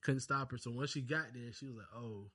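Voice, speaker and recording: An animated man in his thirties co-hosting a podcast, telling family stories and laughing often. His voice is bright and forceful, and the sound is dry and close. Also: mid-range voice, fast, no room sound. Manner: animated storyteller, acts out voices, laughs a lot. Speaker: podcast co-host. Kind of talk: casual chat.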